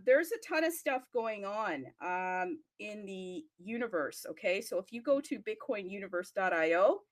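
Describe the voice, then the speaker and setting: A woman's voice: mid-range voice, a bit bright, no room sound, clean studio sound. A woman hosting a live online audio room in a sassy, playful, bubbly way, hyping up the show.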